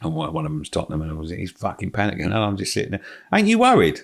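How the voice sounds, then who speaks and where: Bloke on a podcast, lowish voice, tells stories, swears a lot. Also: male voice, very fast, gravelly, husky. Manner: animated storytelling, swears freely. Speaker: podcast guest. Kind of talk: casual chat.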